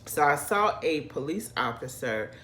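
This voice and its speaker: A Southern woman from the American South vlogs in a low, slightly bright voice, telling a personal story to her viewers in a casual way. She's very animated but unhurried, and there's slight background noise.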